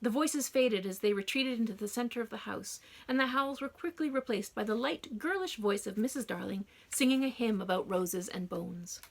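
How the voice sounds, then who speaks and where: A woman narrating a first-person audiobook in a hushed, dramatic reading. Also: on the high side, normal speed, vocal fry, few pauses.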